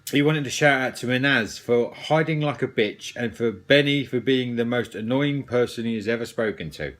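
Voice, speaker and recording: A man hosting a joke news bulletin, dry and offhand, reading out shout-outs. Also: mid-range voice, normal speed. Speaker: mock news host.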